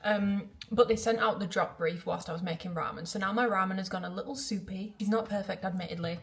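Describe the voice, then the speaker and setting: In her home kitchen, a young woman vlogs as she cooks, rambling chattily and teasing herself, recorded by a camera on a tripod. She speaks a little fast with few pauses, in a mid-range voice with fairly even intonation. A little hiss or hum is audible.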